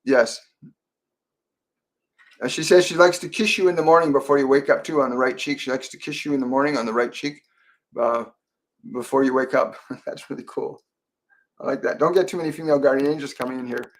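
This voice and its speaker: A man hosting a live-stream Q&A as a psychic medium, talking softly and meanderingly with many fillers and restarts. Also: medium pitch, fairly even intonation, fairly quick, pauses often. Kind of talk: live-stream Q&A, relaying spirit messages.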